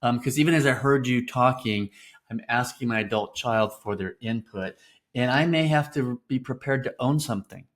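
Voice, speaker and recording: A man's voice: mid-range voice, moderate pace. A man in his fifties co-hosting a parenting podcast in casual conversation, backing up and summing up his partner's points. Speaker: podcast co-host.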